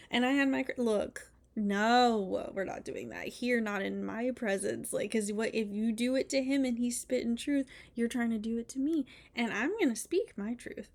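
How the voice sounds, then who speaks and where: Woman, spiritual reader; slightly high voice, blunt and emphatic, swears, repeats for weight, drops into whispers. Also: normal speed, creaky, hardly any pauses. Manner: sometimes drops to a hushed whisper. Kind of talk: casual spiritual monologue.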